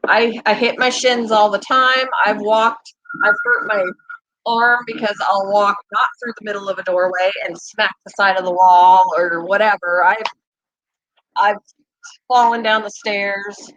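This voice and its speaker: A woman's voice: medium pitch, steady tone, a little slow, fairly bright tone, dry recording, low-quality recording. A middle-aged woman hosting her own channel, chatting casually with viewers, self-mocking and laughing often. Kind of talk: casual chat.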